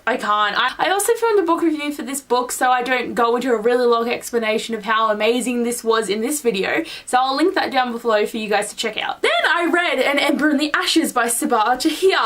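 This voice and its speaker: A woman's voice: high-pitched, a bit bright, recorded from a distance. A young woman vlogging her monthly reading wrap-up in a rambling, gushing way, full of "like". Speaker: book vlogger. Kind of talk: casual monthly book wrap-up.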